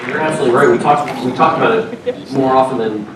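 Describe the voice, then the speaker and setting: A man's voice: mid-range voice, fast talker, over a noisy crowd, heavy background noise. A man on a panel, recalling the work in a conversational, storytelling way. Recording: distant mic in echoing hall.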